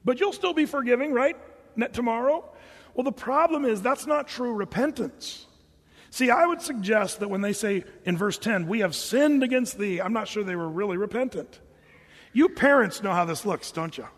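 High-voiced preaching man in reverberant hall. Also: expressive, normal speed. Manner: conversational preaching, acting out voices of people he quotes. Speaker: pastor. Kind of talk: sermon.

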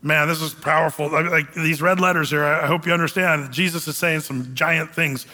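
High, bright-voiced preaching man. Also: fairly quick, big-room sound. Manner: animated, emphatic preaching with folksy asides. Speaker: pastor. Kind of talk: sermon.

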